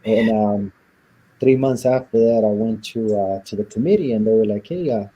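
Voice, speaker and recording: A man from Southern California, an interview guest, tells his story candidly and bluntly with rough language, acting out what guards said to him. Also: fairly low pitch, moderate pace, mellow, poor audio. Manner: blunt and profane, acts out the guards' lines.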